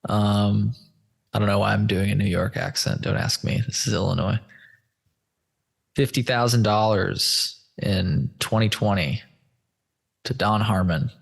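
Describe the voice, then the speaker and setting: A man's voice: on the low side, a little slow, gravelly, breathy edge. A man hosting a podcast in casual chat, loose, rambling and profane, addressing listeners as folks while walking through a shared screen. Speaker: podcast host.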